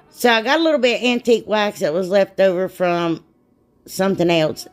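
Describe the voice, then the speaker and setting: A woman chatting casually through a craft tutorial, rambling and self-deprecating, laughing at herself. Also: mid-range voice. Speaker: DIY crafts vlogger.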